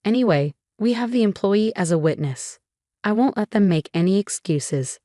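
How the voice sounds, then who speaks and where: A woman's voice: mid-range voice, expressive, moderate pace, warm tone, dry recording, studio quality, close to an everyday voice. A woman voicing an indignant husband who speaks firmly, in a storybook reading. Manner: firm, indignant. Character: indignant grown son, firm husband.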